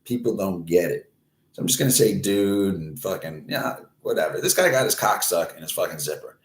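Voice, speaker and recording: A man in his forties tells a crude, rambling story, swearing all the way through and raising his voice whenever he acts out a scene. His voice sits on the low side. The sound bounces around an echoey room. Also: brisk. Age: 40s. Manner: crude, rambling, swears constantly, animated when reenacting. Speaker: host. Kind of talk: profane storytelling monologue. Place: Florida, United States.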